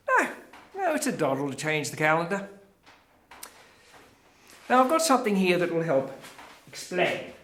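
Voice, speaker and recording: An actor with an Australian accent playing a showy, evasive middle-aged crusade leader in a theatre monologue, chatting straight to the audience. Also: male voice, fairly high pitch, a bit bright. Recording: roomy, echoey.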